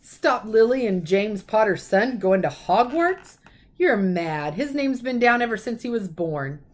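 Female reader voicing a big kindly half-giant man with rough folksy speech for a storybook reading. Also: high voice, sing-song, measured pace. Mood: indignant. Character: huge gruff kindly male half-giant gamekeeper.

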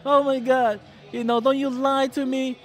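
A woman's voice: level tone, moderate pace, faint music behind, natural voice. A man putting on the voice of his distraught, jealous girlfriend, who accuses him through tears. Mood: accusing. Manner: tearful, shrill accusations.

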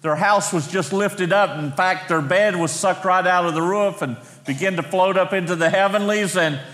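Middle-aged male pastor, higher voice, storytelling sermon, long reverb in a church hall. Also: a bit bright. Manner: storytelling, slows for emphasis. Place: church sanctuary.

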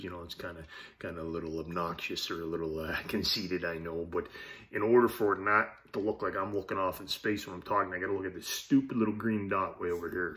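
Low-voiced man rambling about beer. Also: pushed and bright. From Canada. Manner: loose, profane, joking asides. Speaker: beer review vlogger. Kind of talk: casual rambling chat to camera. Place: apartment.

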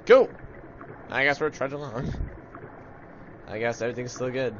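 A man commenting excitedly on his own gameplay and reading game lines aloud in voices. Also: medium pitch, normal speed, long pauses, lo-fi sound. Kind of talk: let's play commentary. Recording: game music playing behind.

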